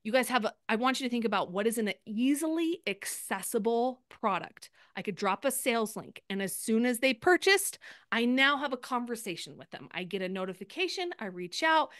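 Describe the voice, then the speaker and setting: A woman's voice: on the high side, expressive, a bit bright, no echo, studio quality. Upbeat woman coaching on a video call. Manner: upbeat, rapid, acts out sample posts. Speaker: sales coach. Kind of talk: live group coaching call.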